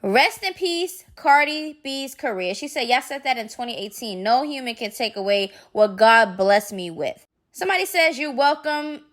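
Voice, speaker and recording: A woman's voice: on the high side, expressive, normal speed, a bit bright. A woman hosting a celebrity gossip channel, reading posts aloud and commenting in a sassy, chatty way. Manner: sassy, chatty, addresses viewers as y'all.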